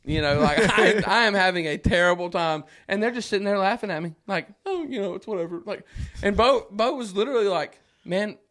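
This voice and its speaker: A man's voice: high-pitched, a little fast, few pauses. A man guesting on a podcast, telling a story in casual chat, acting out what people said and laughing often. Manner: animated, acts out quoted voices, frequent laughs.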